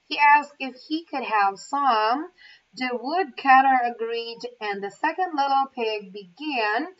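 An English teacher trainee reads a children's story aloud, going very slowly and carefully and stopping for small asides. Her voice is fairly high with a fairly bright tone. She sits some distance from the mic, so the recording sounds muffled and dull.

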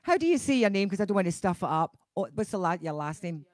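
A woman's voice: medium pitch, big pitch swings, fast, a little mellow, no echo. Chatty Scottish woman, dry sound. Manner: chatty, laughing, goes off on tangents. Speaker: singing teacher hosting a live session. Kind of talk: casual live-stream chat.

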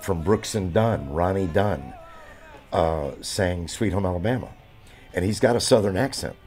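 A man's voice: on the low side, a little mellow, husky. A man in his seventies talking in an interview, rambling with many fillers and restarts. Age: 70s. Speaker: drummer.

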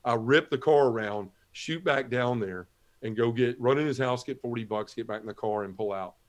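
A man's voice: medium pitch, normal speed. Man telling a vivid personal testimony. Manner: vivid storyteller acting out dialogue. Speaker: guest.

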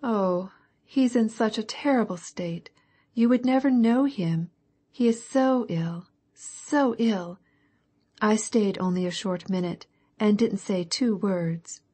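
A woman's voice: medium pitch, takes it slowly, mellow, slightly rough, voice pushed up. A woman reading an audiobook voicing an anxious older woman friend who laments in a raised voice. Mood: distressed.

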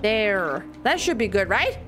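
A woman giving excitable let's-play commentary, gasping and chattering to herself as she plays. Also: medium pitch, measured pace, loud music behind the voice. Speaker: video game streamer.

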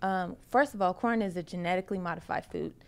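A woman's voice: lowish voice, fast, creaky, clear, resonant tone. A woman, a personal trainer, talking in a casual talk show chat in an emphatic, passionate way. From United States. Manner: emphatic and passionate, laughs often.

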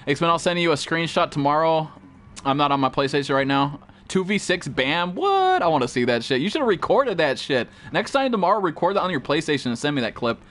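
A man's voice: fairly high pitch, brisk, a bit bright. A man live-streaming a game, chatting casually and profanely with viewers and greeting them by name.

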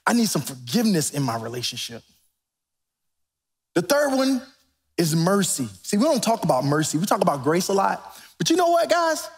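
Animated male pastor, lively high voice. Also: moderate pace, pauses often. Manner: animated, preacherly, rising to near-shouts. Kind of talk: sermon. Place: church. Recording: reverberant church sanctuary.

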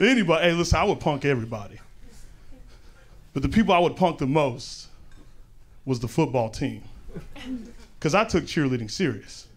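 Brash young comedian with a lively high voice. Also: male voice, moderate pace, long pauses. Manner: brash, slangy, punchy delivery. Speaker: stand-up comedian. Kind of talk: stand-up comedy set. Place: comedy club stage. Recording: loud crowd laughter behind. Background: audience laughing.

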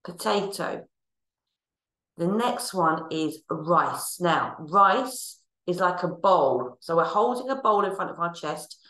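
A woman's voice: lowish voice, expressive, takes it slowly, hardly any pauses, fairly bright tone. An Irish woman teacher, encouraging and instructive, leading a class through sign language words and exercises. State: out of breath during exercise. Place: school room. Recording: echoey room, mic at a distance.

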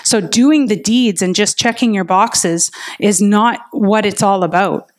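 A woman's voice: medium pitch, a little slow. A woman preaching a sermon in an earnest, personal way, telling stories of her own faith. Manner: earnest and personal, with lively retold inner dialogue.

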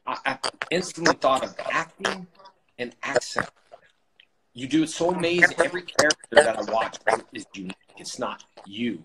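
A man hosting a casual interview, talking in halting, rambling bursts with many restarts. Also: mid-range voice, expressive. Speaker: host. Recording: loud background noise.

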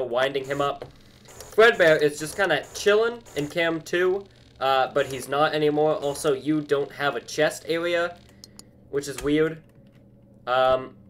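A man's voice: on the high side, fairly bright tone. A young man, a YouTuber, chatting and thinking aloud as he plays a horror game in his bedroom. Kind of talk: let's-play commentary.

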